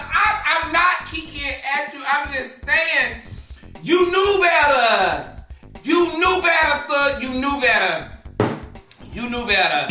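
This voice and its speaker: A man's voice: very high-pitched, sharp tone. A man hosting a gossip show, talking sassy and exclaiming, laughing often. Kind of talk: casual drama commentary. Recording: echoey room, distant from mic, faint music.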